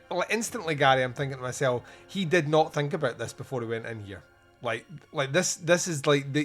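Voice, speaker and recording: A man hosting a podcast in casual film review chat. He talks in a chatty way, laughs often and restarts his sentences. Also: medium pitch. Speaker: podcast host.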